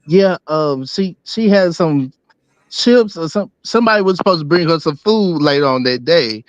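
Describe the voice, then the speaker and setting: A man with a slightly high voice tells a loose, rambling story. He fills his talk with ums and restarts. The recording sounds dull and dry, as if through a cheap mic. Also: lively intonation, moderate pace, no echo. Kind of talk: casual storytelling.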